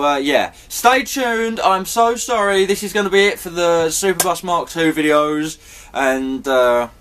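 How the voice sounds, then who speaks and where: A man's voice: medium pitch, a bit bright. Apologetic rambling man. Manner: apologetic, chatty, swears, restarts takes. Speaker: vlogger. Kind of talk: rambling casual vlog update.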